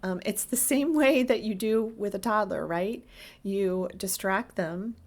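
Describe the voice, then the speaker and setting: A woman with a mid-range, slightly mellow voice speaks unhurriedly. As a therapist talking straight to camera, she gives earnest, emphatic advice and piles up lists to drive her points home.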